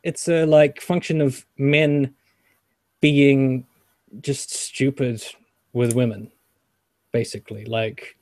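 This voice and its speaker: A man's voice: mid-range voice, flat delivery, slow pace, long pauses, darkish tone, no room sound, clean studio sound. A man in a casual online debate, talking loosely with lots of swearing and filler words over a voice call. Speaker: channel host discussing feminism.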